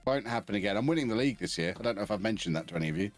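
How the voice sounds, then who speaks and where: A man's voice: on the low side, animated, racing, faint music behind. A man bragging in casual banter with friends on a game stream. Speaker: co-player on stream.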